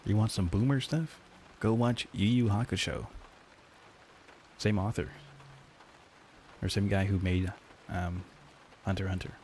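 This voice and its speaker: Gravelly-voiced man chatting on stream. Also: fairly low pitch, fairly even intonation, unhurried, long pauses, darkish tone, a little hiss or hum. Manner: rambling, joking, talks to chat. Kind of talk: casual live-stream chat. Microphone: lapel mic.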